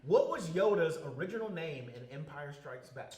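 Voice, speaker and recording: A man hosting a casual podcast trivia game, reading the questions out slowly and turning loud and playful between them. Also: a little high, animated, crowd noise. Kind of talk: casual group podcast chat. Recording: echoey room.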